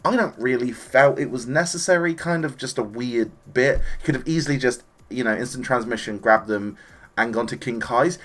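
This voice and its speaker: A man talks through an anime episode in a relaxed, chatty review. He sounds enthusiastic and animated, and he slips into the characters' lines as he retells the plot. His pitch sits in an ordinary middle range. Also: normal speed. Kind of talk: casual spoken review.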